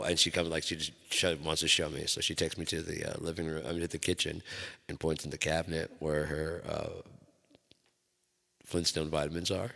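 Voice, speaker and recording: A man's voice: very deep voice, flat delivery, a little fast, creaky, bright, forceful tone. A man hosting his own channel, rambling and swearing as he tells personal stories. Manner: profane, rambling storyteller. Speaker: channel host. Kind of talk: rambling solo talk. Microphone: microphone. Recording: long hall reverb.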